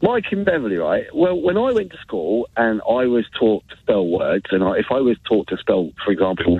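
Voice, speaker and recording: A male caller comes through a thin, tinny phone line, his voice husky and slightly low. He talks with big swoops in pitch and a mocking, emphatic edge. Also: wildly swooping pitch, moderate pace, no echo. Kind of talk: phone-in call.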